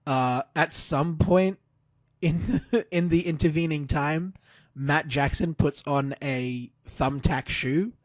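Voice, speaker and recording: A podcast co-host with a slightly high voice speaks slowly in a recording with no room sound. He recaps wrestling matches casually, rambling play-by-play style and using lots of fillers.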